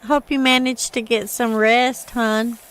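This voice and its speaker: A woman's voice: fairly high pitch, little pitch movement, measured pace, a bit bright, clean tone. A woman hosting a casual gaming livestream, chatting and laughing as she reads chat aloud.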